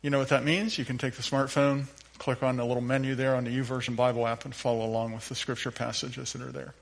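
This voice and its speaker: A man preaching a sermon at church as the pastor, playful and animated, with the congregation joining in. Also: mid-range voice, fast, gravelly. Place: church sanctuary.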